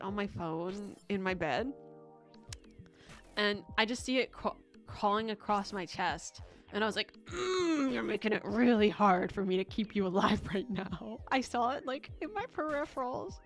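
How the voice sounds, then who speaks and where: A young woman streaming from home, chatting casually with viewers in a rambling, giggly way, with bursts of squealing baby talk. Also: medium pitch.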